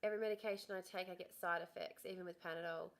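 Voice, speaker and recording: A woman's voice: on the low side, fairly even intonation, racing. A young woman livestreaming from home, chatting frankly and casually straight to her viewers into a desk microphone. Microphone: desk streaming microphone.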